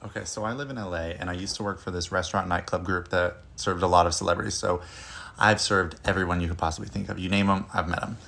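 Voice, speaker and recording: A man's voice: low-pitched, steady tone, fast talker, creaky, fairly bright tone. A man who used to work as a restaurant server, telling a story sarcastically and with exasperation. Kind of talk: casual storytelling.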